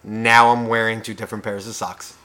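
A young man co-hosting a podcast, ranting in a profane, heated way, swinging between loud outbursts and whispers. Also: lowish voice, level tone, brisk, clear, resonant tone. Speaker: podcast co-host. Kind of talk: casual podcast rant.

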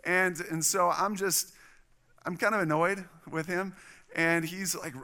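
A middle-aged man preaching a sermon, telling a personal story in an animated way and acting out the voices of the people in it. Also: sits high, normal speed, clean tone. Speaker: pastor.

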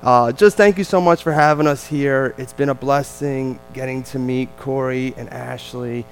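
A man with a New Jersey accent, a visiting missionary telling a lively, self-deprecating family story to a church congregation. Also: medium pitch, moderate pace, faint music behind, poor audio.

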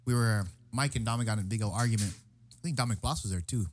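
A man's voice: medium pitch, racing, a little hiss or hum. A man in casual chat, telling a story with lots of swearing and acting out the quoted lines. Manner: profane storytelling, acts out quotes loudly.

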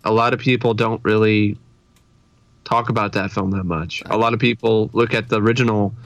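A man's voice: fairly low pitch, fairly even intonation, normal speed, a bit bright. A man co-hosting a podcast in casual chat, rambling and laughing often. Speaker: podcast co-host.

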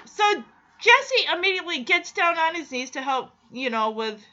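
A woman's voice: extremely high pitch, big pitch swings, moderate pace, sharp tone, highs cut off. A woman recapping a TV episode with sarcastic, exasperated commentary.

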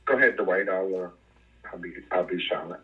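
A man helping lead a Bible study, speaking in a deferential, unhurried way. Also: low-pitched. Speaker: study group co-leader. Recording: tinny phone line.

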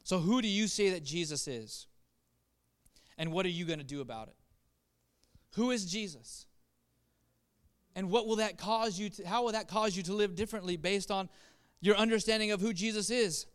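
Man, pastor, sermon, high voice, smooth and resonant, impassioned, soft then loud urging. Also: moderate pace, pauses often. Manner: impassioned preaching that swings from soft reflection to loud exhortation.

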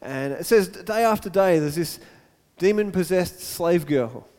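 Male preacher, high voice, animated storytelling, echoey hall. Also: measured pace. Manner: storytelling, animated, repeats words. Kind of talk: sermon.

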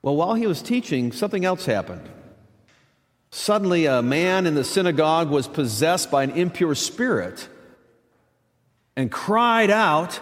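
A man's voice: fairly high pitch, very animated, a little slow, big-room sound. A man preaching a sermon as pastor, in a conversational, emphatic way with frequent asides. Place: church.

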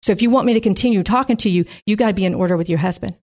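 A middle-aged woman giving a lively testimony in a sermon and acting out the voices in her story. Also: mid-range voice, rapid-fire. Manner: animated storytelling, acts out voices. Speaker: pastor's wife giving testimony.

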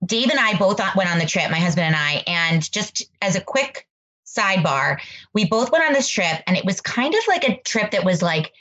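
A woman's voice: medium pitch, very animated, normal speed, fairly bright tone. A woman co-hosting a podcast, telling stories in a gushing, rambling way. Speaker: podcast co-host. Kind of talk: casual interview chat. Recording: slightly dull lo-fi audio.

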